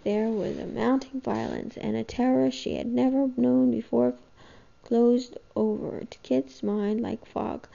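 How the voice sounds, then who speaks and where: A woman reading a novel aloud with a gravelly voice, steady and even. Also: fairly high pitch, unhurried. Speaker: reader. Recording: dull lo-fi home recording.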